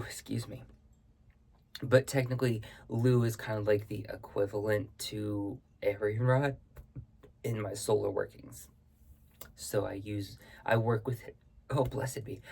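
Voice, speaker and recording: A man's voice: on the low side, gravelly. A man chatting casually in a vlog, answering viewer questions on his spiritual practice and often circling back to rephrase himself.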